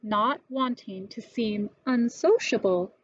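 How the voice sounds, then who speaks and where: A woman reading a children's storybook aloud in an expressive, lively way. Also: a little high, slow pace, dull audio, a little hiss or hum.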